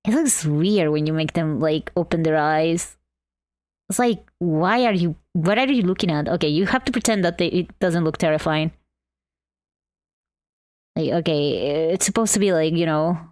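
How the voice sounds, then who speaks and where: A woman's voice: low voice, normal speed, darkish tone, dry recording, clean studio sound. A woman from Argentina streaming live while drawing, chatting in a bubbly way and greeting her chat.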